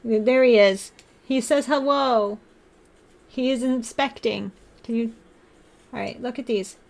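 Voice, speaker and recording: A woman's voice: on the high side, slow, gravelly, darkish tone. A young woman livestreaming, chatting with viewers and talking baby talk to her cat. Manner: playful baby talk to a pet. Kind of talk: casual chat with chat and her cat.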